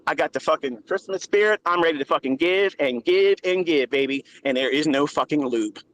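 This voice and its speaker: A man's voice: on the high side, brisk, fairly bright tone. A man in a played-back clip, taunting aggressively and swearing heavily in an angry outburst.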